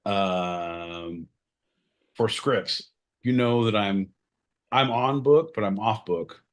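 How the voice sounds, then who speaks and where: A man co-hosting a podcast, joking loudly, interrupting and swearing, with sudden jumps in pitch. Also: slow. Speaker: podcast co-host. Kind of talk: rowdy comedic banter.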